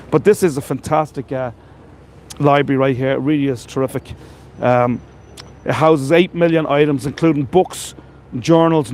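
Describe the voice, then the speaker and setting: An Irish man with a slightly mellow voice on the high side leads a live walking tour through city streets as a tour guide, giving viewer shout-outs. He is chatty and enthusiastic, full of superlatives as he heaps praise on the buildings he shows. Faint street and traffic noise sits in the background.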